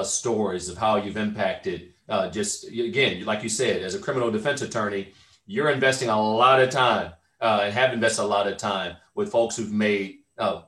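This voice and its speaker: A man's voice: fairly low pitch, fairly bright tone, recorded from a distance. A man hosting an interview, asking long, wordy questions full of fillers. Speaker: host, charity president. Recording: echoey room, away from the mic.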